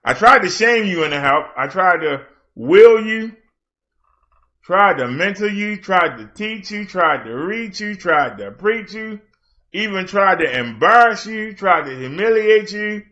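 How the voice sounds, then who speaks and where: High, bright-voiced man ranting on a stream. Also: animated, measured pace, lo-fi sound. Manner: confrontational, challenging, mocking. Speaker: livestream host. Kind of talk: late-night livestream rant.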